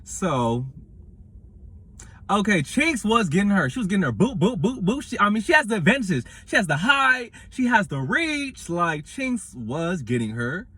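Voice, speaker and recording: A man, reviewing a reality show in casual commentary with animated, dramatic retelling. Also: high-pitched, normal speed, slightly rough.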